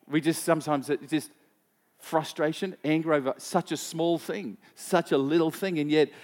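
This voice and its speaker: A man preaching a sermon as pastor, conversational, telling personal stories and asking the congregation questions. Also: on the high side. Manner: personal anecdotes, frequent repeats and fillers.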